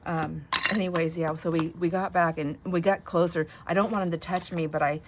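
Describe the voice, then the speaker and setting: A woman's voice: fairly low pitch, fairly even intonation, fairly quick, noisy background. A middle-aged woman chatting casually while she crafts, rambling through a story with frequent "anyhow"s. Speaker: craft vlogger.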